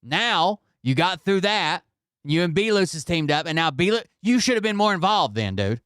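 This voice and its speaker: A man talks over a clip in blunt, sarcastic asides and swears freely. His voice is smooth and resonant. The sound is close and dry, with no room echo. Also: sits high, very animated, normal speed, fairly bright tone. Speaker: commentator reacting to a clip. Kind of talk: casual reaction commentary.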